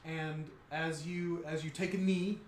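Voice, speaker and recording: A man's voice: a little high, steady tone, unhurried, echoey room. A man narrating a tabletop game as game master, playful and rambling.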